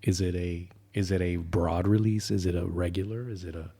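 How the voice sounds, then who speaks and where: Casting: man podcast co-host, easygoing and joking, a fairly low voice. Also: brisk, husky. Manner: repetitive, joking, relaxed. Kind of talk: casual chat.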